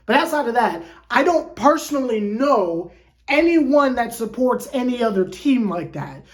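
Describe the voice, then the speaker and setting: A woman hosting a sports fan channel, venting in an animated, exasperated way with lots of stumbling repeats. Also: on the high side. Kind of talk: casual fan rant to camera.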